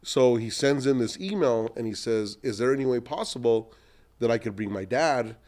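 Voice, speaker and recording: Middle aged guy telling big life stories on a podcast, animated, does the voices of people he's quoting. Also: mid-range voice, moderate pace. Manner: animated anecdotes, acts out quoted people. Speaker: entrepreneur guest. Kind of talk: storytelling in a podcast interview.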